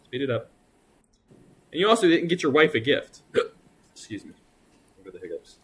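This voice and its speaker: A man's voice: mid-range voice, big pitch swings, moderate pace, fairly bright tone, a little hiss or hum. A young man mocking his own old stage play in crude, self-deprecating reaction commentary. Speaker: streamer reacting to an old video.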